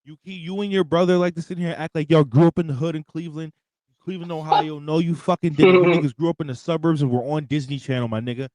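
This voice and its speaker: A young man co-hosting a wrestling podcast, ranting in an animated, profane way. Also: on the high side, fast talker, no echo. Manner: animated, profane, reads out superchats. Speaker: podcast co-host. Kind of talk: casual wrestling podcast rant.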